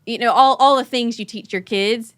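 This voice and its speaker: A woman, hosting a podcast and telling an animated story, laughing and acting out her kids' voices. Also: fairly high pitch, moderate pace, smooth, no echo, clean studio sound. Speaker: podcast host. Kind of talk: casual conversational storytelling.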